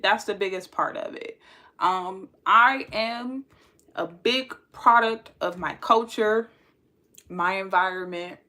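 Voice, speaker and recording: A woman's voice: medium pitch, pushed and bright. A young woman with a son, telling a dating story in casual slang and laughing often.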